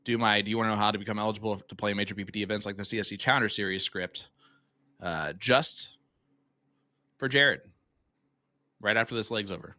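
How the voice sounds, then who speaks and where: Fast-talking bright male darts commentator. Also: lowish voice. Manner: energetic, talks to the chat, plugs sponsors in rapid reads. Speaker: play-by-play darts commentator and stream host.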